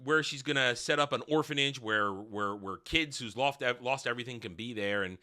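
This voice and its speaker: A man's voice: mid-range voice, moderate pace, sharp tone. Sarcastic man ranting through a review. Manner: sarcastic, rambling, profane asides. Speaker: TV review host. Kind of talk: casual spoken review recap.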